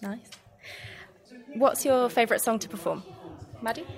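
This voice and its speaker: A woman's voice: on the high side, a little slow. A woman interviewer asking friendly questions and laughing along with her guests. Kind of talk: casual interview.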